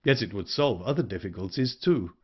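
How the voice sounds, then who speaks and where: A man voicing a grave, reserved man in an audiobook, speaking low and slowly. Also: lively intonation, breathy edge, lo-fi sound. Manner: low, slow, restrained. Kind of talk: audiobook character reading.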